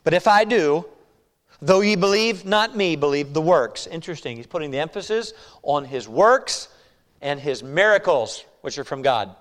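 A male pastor preaching a sermon, reading scripture slowly and pressing his point with rhetorical questions. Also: a little high, lively intonation, fairly bright tone. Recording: long reverb of a hall.

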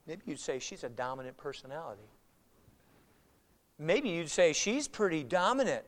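Preacher man, high voice, very animated, acts out his quotes. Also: moderate pace, pauses often. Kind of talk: sermon.

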